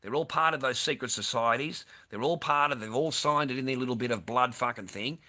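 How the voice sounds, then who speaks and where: A man's voice: mid-range voice, brisk, pushed and bright. A man ranting over news clips in a crude, sweary, sarcastic way. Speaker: online streamer.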